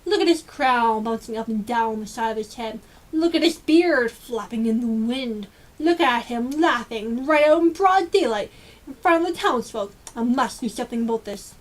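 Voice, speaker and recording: A woman's voice: fairly high pitch, expressive, normal speed. A woman voicing a stern, joyless male lord in a storybook reading, speaking harshly and muttering.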